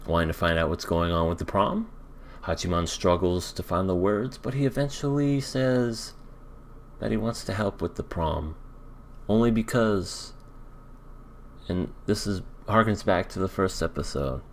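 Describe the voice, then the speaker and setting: A man's voice: low voice, a little hiss or hum. A man recapping an anime episode in a casual, rambling way, hedging often as he thinks aloud. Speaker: anime reaction vlogger.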